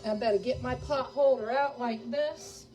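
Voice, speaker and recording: A chatty woman with a Southern American accent, somewhat high-voiced, talks her viewers through a recipe at the stove as y'all. She sounds a little away from the camera's mic, with faint music playing underneath. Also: normal speed, distant mic, poor audio. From Charleston, South Carolina. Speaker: cooking show host. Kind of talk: live cooking demonstration.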